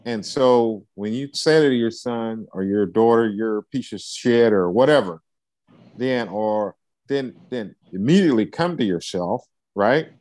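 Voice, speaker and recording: A man's voice: lowish voice, a little slow, a little mellow, dry recording. A man coaching a client, encouraging and preacher-like, often checking in with "right?". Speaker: life coach. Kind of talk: coaching session interview.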